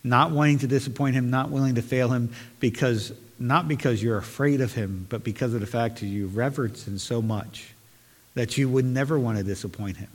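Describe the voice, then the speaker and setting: A man's voice: medium pitch, fairly quick, big-room sound. A man preaching a sermon as pastor, talking earnestly and conversationally and reading scripture aloud.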